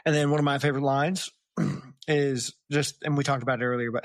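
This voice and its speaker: A young man hosts a casual book podcast in an even, mid-range voice. He retells scenes with lively energy and jumps into little voices for the characters. The sound is close and dry. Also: mid-range voice, fairly quick, no room sound. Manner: animated storyteller, acts out quoted lines. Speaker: podcast host. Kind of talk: casual book-discussion chat. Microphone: close podcast mic.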